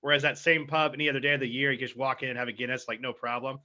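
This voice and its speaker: Bright-voiced rambling podcast guy. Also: mid-range voice, level tone, racing, dull audio. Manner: laid-back, rambling, swears a lot. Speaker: podcast co-host. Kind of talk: casual chat.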